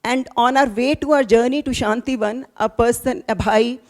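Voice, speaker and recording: Here a middle-aged woman with an Indian accent speaks to a gathering, her voice sitting a little high. She talks earnestly and haltingly, often restarting her sentences as she shares her story. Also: steady tone, a little mellow. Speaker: attendee sharing experience. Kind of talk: emotional testimony.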